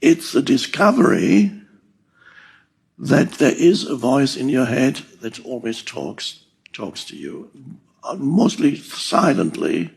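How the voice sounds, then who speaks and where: An older man giving a slow, reflective spiritual talk, pausing often and chuckling softly. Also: medium pitch, sing-song, gravelly, husky. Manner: slow and deliberate, with soft chuckles. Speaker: spiritual teacher.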